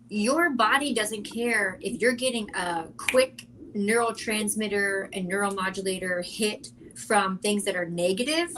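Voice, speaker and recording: A woman's voice: medium pitch, fairly bright tone, slight background noise, low-quality recording. A woman who coaches clients, chatting earnestly and animatedly on a round-table podcast, prone to asides. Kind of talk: casual round-table chat.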